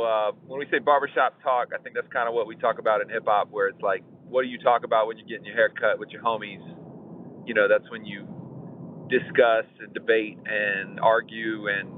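A man's voice: on the low side, steady tone, fairly quick. A man in his forties hosting a podcast, chatting casually and rambling with fillers and chuckles. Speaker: podcast host. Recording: tinny phone line, faint noise.

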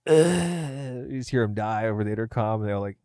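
A young man co-hosting a comedy podcast in casual chat, animated and acting out silly voices. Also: lowish voice, brisk, no echo, studio quality. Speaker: podcast co-host.

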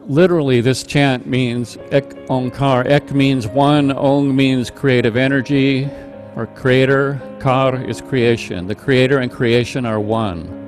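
A middle-aged man teaching a live online meditation class, calmly explaining a chant with patient, halting restarts. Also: medium pitch, faint music behind. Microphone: video call microphone.

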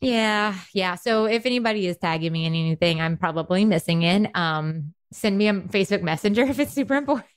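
Woman, South Carolina accent, animated chatty podcast co-host, mid-pitch. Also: fairly quick, hardly any pauses, clear, resonant tone. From South Carolina, USA. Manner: chatty, laughing, animated storyteller. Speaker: podcast co-host, dental hygienist. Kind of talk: casual chat.

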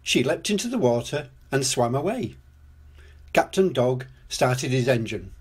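Older storyteller man, slow, lively pitch, breathy voice. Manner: gentle, unhurried narration. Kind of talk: storybook read-aloud.

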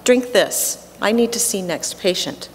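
A woman's voice: mid-range voice, animated, unhurried, close to an everyday voice. A woman putting on a curt Russian male doctor. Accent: Russian, put on. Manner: clipped, blunt broken phrases. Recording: theatre hall with faint noise.

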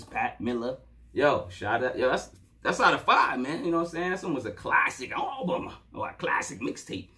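A man's voice: fairly high pitch, pushed and bright. A man giving a loose, casual spoken review of a hip-hop mixtape, full of playful asides and "you know what I'm saying," talking from home at his computer.

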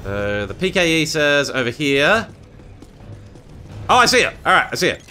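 A man giving casual gameplay commentary in an excitable, lively way, talking to himself as he plays. His voice is very bright and sits a little high, with faint game music behind him. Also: normal speed. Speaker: gameplay streamer.

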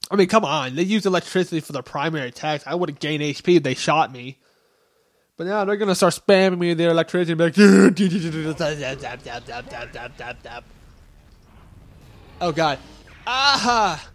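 Goofy high-voiced young man gaming. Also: animated, fairly quick, a bit bright. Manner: goofy, grunting and yelping at hits; jokey self-talk to the enemies. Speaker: let's play gamer. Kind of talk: casual gameplay commentary.

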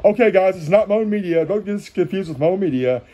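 A man's voice: high-pitched, animated, fairly quick, mellow. A man joking his way through kids' cartoons, switching channels, humming theme tunes and breaking into bits of song. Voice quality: playful, jokey, breaks into sung bits and theme hums. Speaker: cartoon commentator. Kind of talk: joking channel-surfing commentary with snatches of song.

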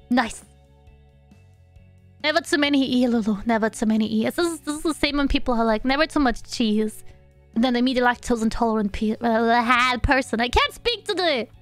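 A woman's voice: high voice, normal speed, pauses often, no room sound, soft background music. A young woman streaming a life-sim game, chatting playfully with her chat, giggling and babbling along to the game's sounds. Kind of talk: casual live-stream gameplay chat.

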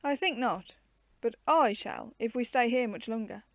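A woman reading the part of a patient, gently teasing uncle who explains zoo animals to children in a storybook. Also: very high-pitched, lively intonation, normal speed, creaky, dry recording, exaggerated voice.

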